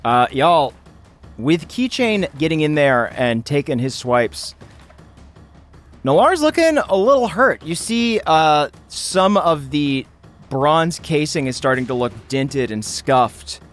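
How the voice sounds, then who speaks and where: A man narrating as game master of a tabletop game, playful and animated. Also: fairly high pitch, slow pace, faint music behind.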